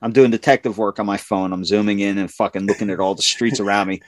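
A man on the low side of pitch talks fast, with no echo in the recording. He tells a profane work story in casual conversation, animatedly voicing the people in it and shouting their quoted lines.

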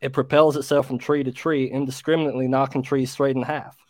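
A man's voice: mid-range voice, level tone, fast talker, darkish tone. A man with a British accent from the United Kingdom, reading aloud in casual group chat.

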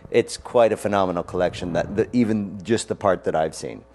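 Low-voiced man telling anecdotes. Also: a little fast, a little mellow. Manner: chatty and anecdotal, laughs easily. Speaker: actor and interview guest. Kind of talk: casual interview chat.

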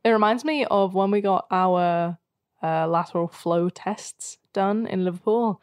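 A woman's voice: medium pitch, measured pace, darkish tone, clean tone, dry recording. Giggly young woman, very dry sound. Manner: chatty, giggly, self-deprecating. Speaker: podcast co-host. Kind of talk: casual chat.

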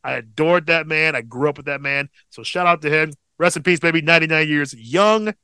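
Co-hosting a podcast, a man in his thirties tells a family story in lively, casual fashion, cursing freely. His voice is a little high and smooth, the pace brisk, the recording dry.

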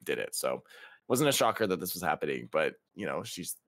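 A young man casually telling a funny story, laughing often and leaping into high voices to quote people. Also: a little fast, no room sound, studio quality. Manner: laughing, animated, jumps to high voices quoting others. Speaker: podcast guest.

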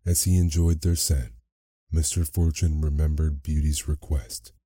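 Deep slow sleepy storytime guy, husky and mellow, soft reading. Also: level tone, no room sound, clean studio sound. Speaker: bedtime story narrator.

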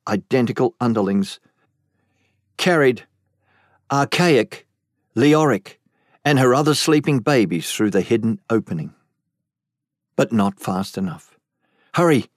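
A man narrating a fantasy novel audiobook in a measured, deliberate storytelling manner. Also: mid-range voice, no room sound, clean studio sound. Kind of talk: scripted narration.

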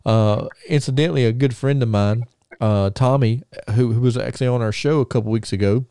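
Podcast co-host, male, mellow warm tone, dry close sound, rambling anecdotal delivery. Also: medium pitch, brisk, clear, resonant tone, no echo. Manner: rambling storyteller, many restarts and chuckles. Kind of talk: casual chat.

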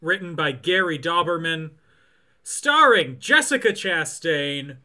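A man hosting a podcast, reading out film facts with dry jokes in between. His voice is fairly high and very bright, with a forceful edge. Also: expressive, slow. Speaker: podcast host. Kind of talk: casual chat with read-out film facts.

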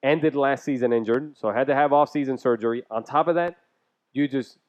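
A man's voice: medium pitch, brisk, darkish tone. A man co-hosting a casual podcast chat, blunt and joking, with plenty of swearing. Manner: profane, joking, blunt opinions. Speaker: podcast co-host. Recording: dull lo-fi sound.

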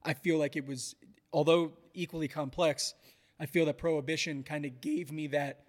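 A man's voice: fairly high pitch, fairly even intonation, moderate pace, big-room sound. A man hosting a casual podcast chat, talking in a chatty, hedging way with many restarts. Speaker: podcast host.

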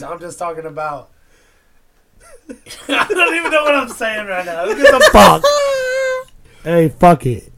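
Excitable, foul-mouthed young podcast host. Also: male voice, high-pitched. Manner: rambling, profane, excitable storytelling. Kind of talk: casual chat.

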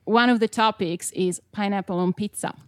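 A woman's voice: mid-range voice, moderate pace, dry recording. Woman guest, late twenties, chatty, giggly, dry close sound. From Italy. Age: 20s. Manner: chatty, giggly, hesitant with many fillers. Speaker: guest, singer-songwriter. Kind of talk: casual chat.

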